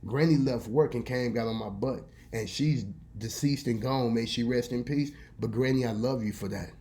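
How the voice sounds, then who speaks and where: A man in a casual storytelling monologue who preaches a little and spins folksy tales. His voice is mellow and warm, at an ordinary pitch. He tells it with animated, down-home flair. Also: normal speed. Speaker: vlogger and radio host.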